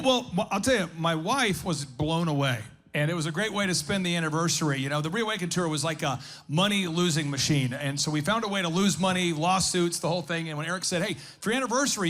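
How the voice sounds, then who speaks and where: A man hosting a live business workshop, telling stories in an animated way. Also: high voice. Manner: animated storyteller. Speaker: host.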